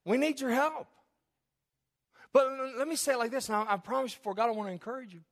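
A man preaching in a church, joking with the congregation, calling on people by name, then dropping into a soft, earnest tone. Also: extremely high pitch, fast. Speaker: pastor. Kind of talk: sermon. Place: church sanctuary.

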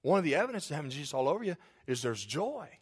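This is a male pastor, delivering a passionate sermon in a notably high voice. He stretches out key phrases, presses toward shouted emphasis, and checks in with his congregation for amens. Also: big pitch swings, racing, breathy edge. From Kentucky. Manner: impassioned preaching, building to shouted emphasis, calls for amens.

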